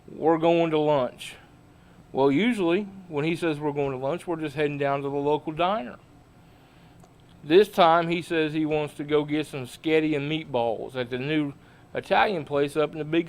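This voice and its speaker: A man hosting a livestream as a small-town mayor, telling comic stories in a folksy, animated way. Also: a little high, clean tone.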